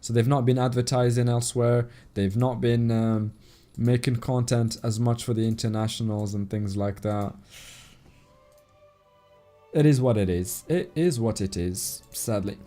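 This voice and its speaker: Guy w a slight foreign accent streaming a game, mellow voice, laid back chat w viewers. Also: medium pitch, measured pace, faint music behind. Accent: non-native English accent. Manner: chatty, relaxed, reads and thanks viewers' chat aloud. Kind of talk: casual live-stream commentary while playing.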